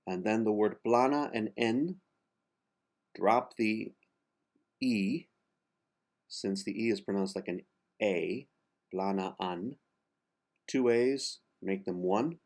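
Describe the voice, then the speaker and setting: Low-voiced guy coaching singers on diction, really slow, says each syllable on its own. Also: darkish tone. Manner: slow, careful, spells out sounds and repeats words syllable by syllable. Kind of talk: pronunciation lesson for singers.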